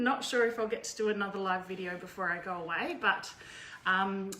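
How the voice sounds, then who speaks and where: A woman's voice: mid-range voice, a bit bright. A woman hosting a live cooking demo from her home kitchen, chatty and rambling, laughing often between steps. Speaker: cooking video host. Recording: echoey kitchen, faint background noise.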